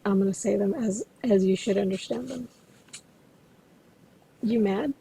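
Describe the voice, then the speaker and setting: A woman instructor giving a recorded lecture to interpreting students, explaining in a measured way and speaking to them directly. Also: mid-range voice, creaky, mellow, slight background noise, low-quality recording.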